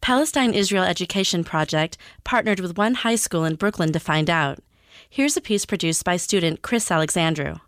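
A woman radio host announcing the program in a measured, precise scripted delivery. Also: lowish voice, a bit bright, no echo.

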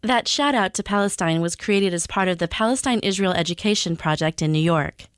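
A woman radio host announcing the program in a measured, precise scripted delivery. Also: fairly low pitch, smooth, dry recording.

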